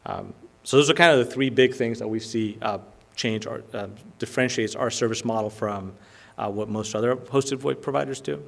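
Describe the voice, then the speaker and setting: A company presenter gives a business talk to a lunch crowd in a casual style, loaded with "um" and frequent "right?" check-ins. His voice is creaky and a bit bright, at a moderate pace.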